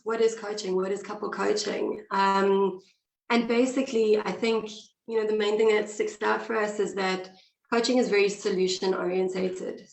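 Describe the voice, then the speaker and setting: A woman couples coach, hoarse and husky from the flu, explaining in a direct, chatty way. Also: medium pitch, echoey room, low-quality recording. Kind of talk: online interview.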